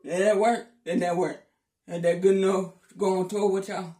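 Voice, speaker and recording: A man's voice: high voice, flat delivery, normal speed, recorded from a distance, loud music behind the voice. A man joking around in a casual vlog, playful and teasing, repeating his lines. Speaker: vlogger. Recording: echoey room.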